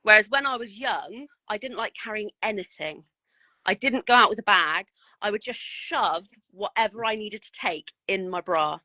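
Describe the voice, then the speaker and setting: A woman's voice: mid-range voice, lively intonation, moderate pace, bright, forceful tone, no echo. A woman guest in a casual podcast chat, talking candidly and laughing often.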